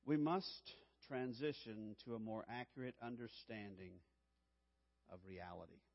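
A man's voice: fairly low pitch, measured pace, vocal fry, in a large hall, highs cut off. A man preaching a sermon as pastor, emphatic, repeating key phrases and calling out to the congregation for responses.

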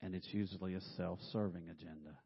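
A man's voice: deep voice, steady tone, fast talker, gravelly, husky. A man preaching a sermon in a conversational way, with humorous asides and acted-out quotes. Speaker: pastor. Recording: dull lo-fi recording.

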